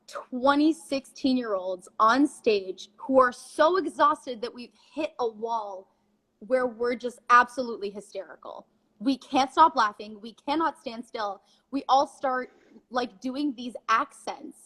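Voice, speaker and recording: A woman's voice: fairly high pitch, slow, fairly bright tone, poor audio. A woman in her twenties, a guest in a casual chat, telling stories animatedly and laughing easily.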